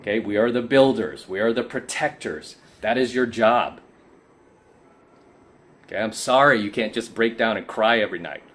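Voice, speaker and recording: Sleepy guy preaching at the camera, kinda low voice, keeps going "right?". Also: normal speed, fairly bright tone. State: tired from lack of sleep. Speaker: men's coaching YouTuber. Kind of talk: casual motivational monologue.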